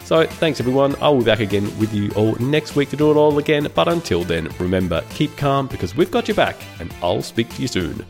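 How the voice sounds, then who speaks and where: A man hosting a podcast in a casual way, his voice croaky, with many "uh" fillers as he talks. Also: mid-range voice, expressive, a little fast, hardly any pauses, music in the background. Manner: loose, with frequent uh fillers. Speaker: podcast host.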